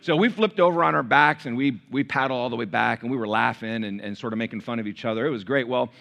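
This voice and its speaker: A man's voice: medium pitch, fast talker, vocal fry, a bit bright. A middle-aged man preaching a sermon as pastor, telling stories with quoted dialogue and asides to the congregation.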